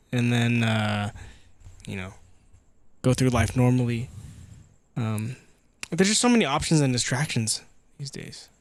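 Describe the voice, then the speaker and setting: Halting young man chatting casually. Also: mid-range voice, no echo. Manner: halting, many "uh" restarts. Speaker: band member, podcast co-host. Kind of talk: casual chat.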